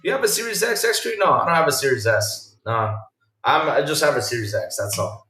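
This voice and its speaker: A man hosting a casual podcast chat, telling stories in an animated way that swings from loud to quiet. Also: on the high side, a little fast, faint music behind. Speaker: podcast host. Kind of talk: casual chat with a live chat audience. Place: home room. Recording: roomy sound from a distance off the mic.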